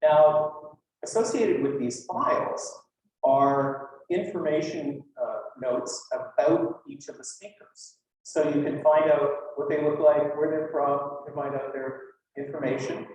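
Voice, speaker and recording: A man's voice: fairly high pitch, measured pace, a little mellow, distant mic. A man giving a conference talk in a loose, chatty way, with many fillers and asides. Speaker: lecturer. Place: lecture hall. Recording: echoey hall, from afar.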